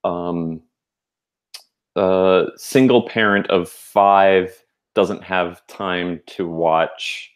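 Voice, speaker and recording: Deep-voiced man rambling in casual chat. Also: steady tone, very slow, smooth. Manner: rambling, many fillers and restarts. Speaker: podcast co-host.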